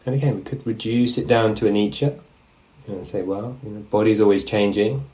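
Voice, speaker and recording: Low-ish guy teaching meditation, chatty laid-back dharma talk, keeps asking yeah?. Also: a little fast. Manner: relaxed and conversational, often checking in with "yeah?".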